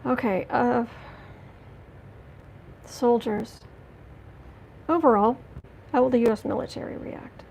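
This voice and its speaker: A woman giving a livestreamed tarot reading, talking indignantly and emphatically with halting restarts as she greets chat. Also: on the high side, gravelly, darkish tone, a little hiss or hum, low-quality recording. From United States. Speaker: tarot reader.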